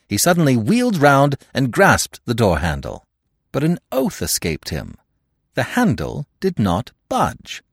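A man narrating a classic tale in a measured, expressive storytelling manner. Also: lowish voice, no room sound, studio quality.

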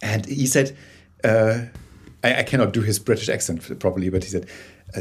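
Speaking at a normal rate with a fairly low, breathy-edged voice, this man is a guest in an interview conversation. He tells stories and explains his thinking, frequently starting over and adding checks like "yeah?".

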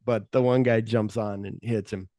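A man's voice: fairly low pitch, fairly even intonation, moderate pace, dark tone, no echo, clean studio sound. A middle-aged man hosting a podcast, retelling movie scenes in casual chat and swearing freely. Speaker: podcast host.

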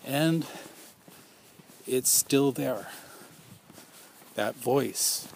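A man's voice: medium pitch, very slow, creaky, a little mellow, a little hiss or hum. A man speaking out as a survivor in an impassioned personal monologue, earnest and accusing, piling up repeated rhetorical questions.

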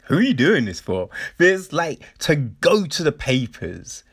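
A man's voice: fairly high pitch, very animated, measured pace, slightly rough, no room sound, clean studio sound. A man hosting a podcast, ranting casually with heavy swearing and sarcastic mock voices. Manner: profane, sarcastic, mocking voices of others. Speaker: podcast host.

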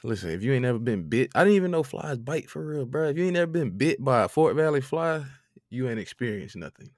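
A young man, telling an animated, profane story in casual chat. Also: mid-range voice, quick pace, no room sound, clean studio sound.

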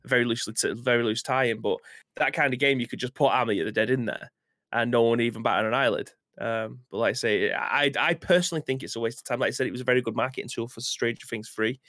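A man's voice: medium pitch, fast talker, fairly bright tone, dry recording, clean studio sound. A man co-hosting a casual gaming news chat, easygoing and hedging his opinions. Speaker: co-host.

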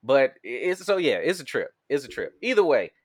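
A man co-hosting a casual podcast chat, talking in a profane, animated way and laughing often. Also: medium pitch, a little fast.

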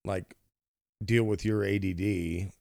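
A young man chats as a podcast guest. His low, raspy voice sounds dry and close to the mic, and he tends to ramble into rants. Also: fairly even intonation, takes it slowly, darkish tone, no room sound. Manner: rambling, ranty. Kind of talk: casual chat.

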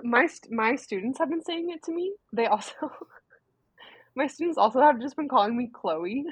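A young woman co-hosting a podcast, chatting in a playful, lively way. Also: sits high, moderate pace, slightly rough, no echo. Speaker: podcast co-host. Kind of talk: casual chat. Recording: dull, dry podcast mic.

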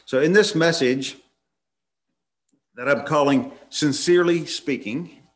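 A man's voice: a little high, slow pace. A man preaching a sermon, laying out numbered points and reading scripture passages aloud, sometimes restarting his phrases.

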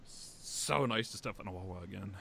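A man hosting a podcast in casual chat, animated and swearing, with big swings in pitch. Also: moderate pace, vocal fry, breathy edge, no echo. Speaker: podcast host.

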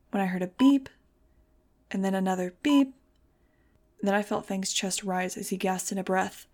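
A woman narrating an audiobook in the first person. Her reading is measured and keeps a flat, even pitch. Her voice sits mid-range.

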